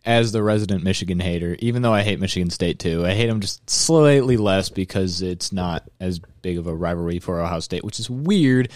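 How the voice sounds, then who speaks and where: A man co-hosting a casual college football podcast, sardonic and deadpan, often hedging with fillers. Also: sits low, a little fast, hardly any pauses, no echo, clean studio sound. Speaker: podcast co-host. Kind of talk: casual sports podcast chat.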